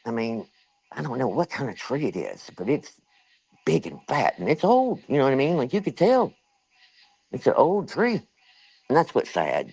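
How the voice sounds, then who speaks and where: A woman's voice: a bass voice, a little mellow, dry recording, poor audio. Older woman hosting a livestream, chatty and rambling, bit breathless, dry close sound. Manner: rambling, chatty, lots of fillers. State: a little out of breath. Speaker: livestream host. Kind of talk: casual storytelling to a live chat.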